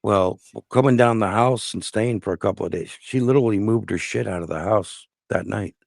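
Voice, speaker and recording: A man's voice: fairly low pitch, brisk, a little mellow, no room sound, studio quality. A man telling a personal family story in casual conversation, blunt and profane. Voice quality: gravelly. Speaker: guest telling his life story.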